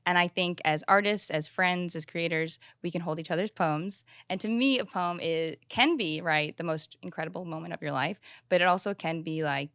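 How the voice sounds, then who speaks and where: A woman hosts a podcast in a slightly low, bright, forward voice. She chats freely, laughs often and cuts in eagerly. The recording is dry and close. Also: clean tone, no room sound. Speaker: podcast host. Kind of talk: casual podcast chat.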